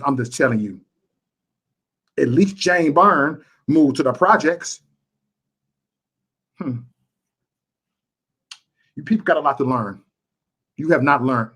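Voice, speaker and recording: A man's voice: medium pitch, fairly bright tone, breathy edge. A man ranting to his livestream chat, impassioned and repeating himself for emphasis. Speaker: YouTube livestreamer.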